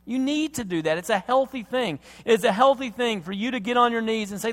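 A man preaching a sermon as pastor, impassioned, moving between loud emphatic lines and hushed tender passages. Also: very high voice, brisk, hardly any pauses. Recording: long hall reverb.

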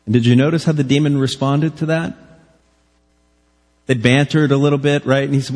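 A man preaching a sermon with a slightly husky, breathy tone. He talks earnestly and conversationally, pressing his listeners with questions. His voice carries a long reverb from a large church hall. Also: mid-range voice, a little fast, darkish tone. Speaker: pastor. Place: church sanctuary.

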